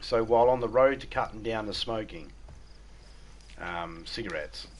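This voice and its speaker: A man's voice: on the low side, normal speed. A laid-back Australian man chatting casually on a live game stream, swearing freely and often repeating himself. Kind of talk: casual live-stream chat while gaming.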